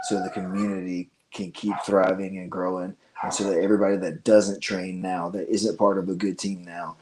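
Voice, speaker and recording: A man's voice: deep voice, a little mellow, low-quality recording. A man speaking as a guest on a casual podcast, earnest and easygoing. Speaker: guest, gym owner.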